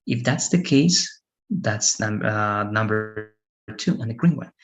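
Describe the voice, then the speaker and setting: Gravelly-voiced male teacher explaining grammar. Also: fairly low pitch, animated. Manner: explanatory, checks in with "right?" and "all right"; repeats and restates points slowly. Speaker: English teacher. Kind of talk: live grammar lesson to students.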